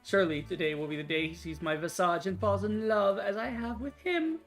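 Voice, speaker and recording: A woman's voice: medium pitch, brisk, faint music behind, voice pushed up, natural voice. A woman voicing a haughty, lovesick, grandiose woman in a game, reading her lines in a pompous, theatrical manner. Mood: flattered. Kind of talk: game dialogue read aloud.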